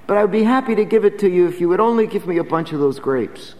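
A woman's voice: on the low side, lively intonation, fast talker, a little mellow, long reverb tail, voice pushed up, lightly acted. A man playing a poor mother who pleads for her sick child, acted in a raised, urgent voice. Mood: pleading. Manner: pleading, breathless.

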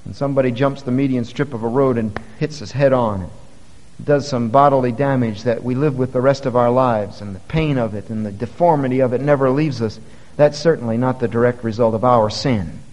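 A man preaching a sermon as a pastor, earnest and rising to forceful emphasis. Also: medium pitch, brisk. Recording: long reverb of a church hall.

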